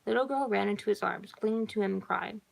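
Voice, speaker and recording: Female reader of a story, gravelly voice, casual quiet commentary between passages. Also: mid-range voice, quick pace, rough recording. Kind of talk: reading a story aloud with commentary.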